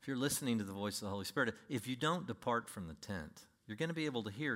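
A man preaching a sermon to his congregation, emphatic, with sudden swings between loud and quiet delivery. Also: medium pitch, animated, fast talker, few pauses. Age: older. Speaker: pastor.

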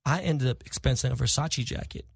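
Fast-talking middle-aged man telling stories. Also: mid-range voice, gravelly, husky, no echo, clean studio sound. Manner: animated, profane, acts out quoted dialogue. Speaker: podcast guest. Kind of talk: casual storytelling.

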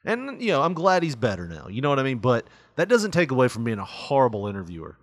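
A man's voice: mid-range voice, wildly swooping pitch, fast, no echo, clean studio sound. A man co-hosting a casual podcast, laughing often and slipping into mock voices as he banters. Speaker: podcast co-host.

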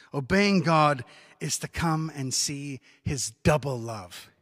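A man preaching a sermon as pastor, lively and conversational, with joking asides to the congregation. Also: on the high side. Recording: long church reverb.

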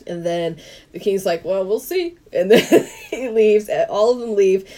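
A woman podcast co-host casually retelling a movie's plot, laughing often and acting out the characters' lines. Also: medium pitch. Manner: animated storytelling, quick to laugh, acts out quoted lines.

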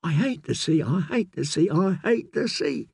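A man's voice: a little high, expressive, normal speed, creaky, a little mellow, husky, no echo, studio quality, voice pushed up, full character voice. A man voicing a frightened, anxious young man who pleads and frets. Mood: fearful. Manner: nervous, pleading.

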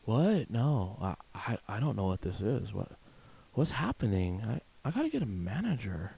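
A man's voice: on the low side, very animated, normal speed, gravelly, dark tone, husky, exaggerated voice. A man voicing a flustered, clueless store cashier who stammers helplessly. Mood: panicked.

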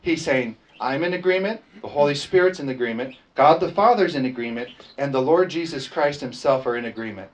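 A man's voice: medium pitch, fairly quick, hardly any pauses, low-quality recording. A man preaching a sermon as pastor, emphatic and repetitive, calling for responses from the congregation.

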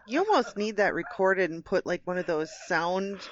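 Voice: medium pitch, normal speed, a crowd in the background. A podcast co-host chatting casually and reacting with jokes and laughs. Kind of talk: casual comedic chat. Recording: dull lo-fi podcast audio.

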